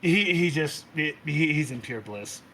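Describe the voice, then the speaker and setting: A man narrating a tabletop role-playing game as game master, animated and laughing. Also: fairly high pitch, unhurried, low-quality recording.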